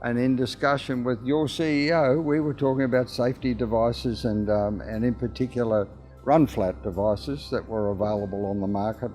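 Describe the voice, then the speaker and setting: A man's voice: on the low side, warm tone. An Australian man, a company founder, explaining a product in a casual way with frequent fillers and restarts. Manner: hesitant, many restarts and fillers.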